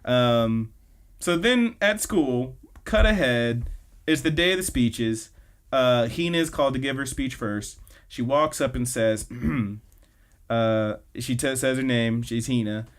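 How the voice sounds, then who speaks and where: A man's voice: mid-range voice, takes it slowly. Male podcast co-host, loose and chatty, lots of "like" and "uh". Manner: rambling, filler-heavy retelling. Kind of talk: casual anime recap chat.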